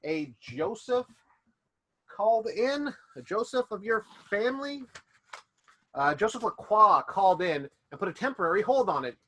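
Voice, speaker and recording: A man's voice: high voice, very animated, a bit bright, pitched above the performer's own voice, exaggerated voice. A man playing a breezy helpful assistant. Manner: quick, breezy phone talk.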